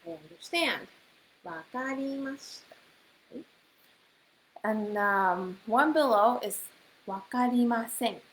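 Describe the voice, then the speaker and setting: A woman teaching a Japanese class in English, explaining phrases and repeating them slowly. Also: medium pitch, fairly bright tone, rough recording. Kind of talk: online language class. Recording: faint hiss.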